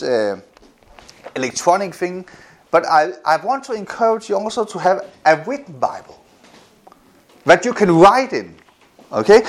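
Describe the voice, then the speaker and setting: A man preaching a sermon in an animated way, repeating phrases and often laughing. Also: high-pitched.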